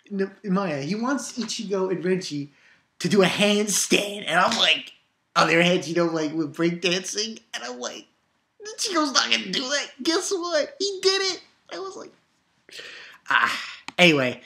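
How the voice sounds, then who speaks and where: A woman reviews a manga chapter in a loose, excitable way and laughs often. Her voice sits fairly low but swings widely in pitch. She acts out the lines she describes as she goes.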